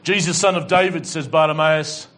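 A man's voice: fairly high pitch, fairly even intonation, normal speed, fairly bright tone. A male pastor preaching a sermon to a congregation, fervent and exhorting, with dry humorous asides. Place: church hall with congregation.

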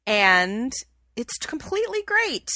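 A woman's voice: high voice, big pitch swings, slow, sharp tone, dry recording. A young woman co-hosting a podcast, chatting casually and gushing with enthusiasm. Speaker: podcast co-host. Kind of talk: casual chat.

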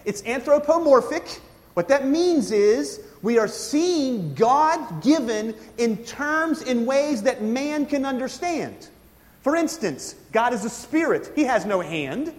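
A man's voice: extremely high pitch, long reverb tail. A man preaching a sermon, explaining scripture with frequent asides and questions to his congregation. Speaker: pastor.

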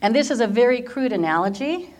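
A middle-aged woman from Orange County, California, giving a personal faith testimony as an animated storyteller who laughs often. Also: on the high side, brisk. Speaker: teacher and church worker.

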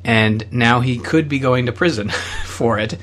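A man's voice: medium pitch, a little slow, a bit bright. Rambling Canadian man, casual chat. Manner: rambling, many fillers and restarts. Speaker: podcast co-host.

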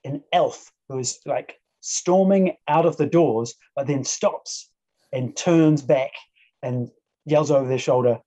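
Mellow-voiced man running a tabletop game. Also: medium pitch. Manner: casual, halting, with fillers and laughs. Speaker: game master.

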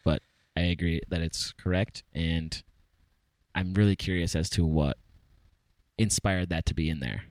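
A man's voice: deep voice, measured pace, darkish tone, no echo. A man co-hosting a podcast in casual chat, agreeable, often chiming in briefly. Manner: agreeable, short interjections. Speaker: podcast co-host.

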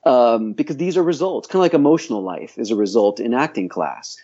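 A voice coach and acting teacher talks in a podcast interview, his mid-range voice expressive, fairly quick, mellow, and slightly rough. The sound is lo-fi. He is reflective and opinionated, thinking aloud and restarting often.

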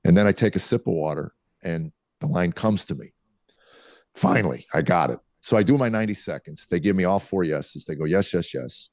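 A man's voice: deep voice, fairly quick, no echo. A middle-aged man from a small town south of Chicago, a comedian telling anecdotes as a podcast guest. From small town south of Chicago, USA. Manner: lively storyteller, acts out voices in his anecdotes. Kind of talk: storytelling anecdotes in a podcast interview.

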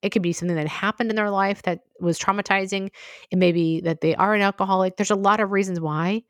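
A woman's voice: medium pitch, fairly even intonation, fast talker, no room sound. A woman hosting her own podcast, talking frankly and conversationally, full of asides, into a close mic. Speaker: podcast host. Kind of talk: candid solo podcast monologue.

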